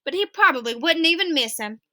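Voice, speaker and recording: A woman's voice: high voice, lively intonation, a little fast, sharp tone. A woman voicing a motherly woman who fusses over a child and scolds her teasing father. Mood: disapproving. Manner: fussing, scolding then coaxing. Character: motherly woman, fussing and caring.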